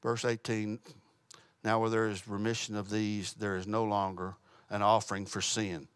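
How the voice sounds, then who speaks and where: A man's voice: on the low side, level tone, moderate pace, clear, resonant tone, no room sound. A man teaching a Bible study, telling a story and closing in prayer, earnest and plain-spoken with small restarts. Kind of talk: sermon with storytelling.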